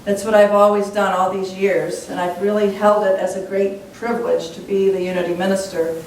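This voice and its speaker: A woman's voice: level tone, normal speed, darkish tone. A woman minister giving a sermon in a church, earnest and reflective in how she teaches. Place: church sanctuary. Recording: echoey church hall, mic at a distance, faint rumble.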